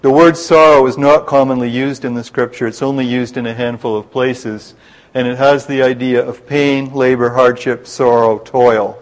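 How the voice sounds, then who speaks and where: A man leading a Bible study class, explaining scripture in a measured way and slowing down to spell out terms and quotes. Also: medium pitch, steady tone, poor audio.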